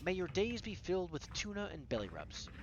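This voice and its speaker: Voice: mid-range voice, wildly swooping pitch, fairly quick, lo-fi sound, noisy background, pitched above the performer's own voice. A narrator voicing a regal, picky male talking alley cat with a British accent and a formal, haughty manner. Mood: grand.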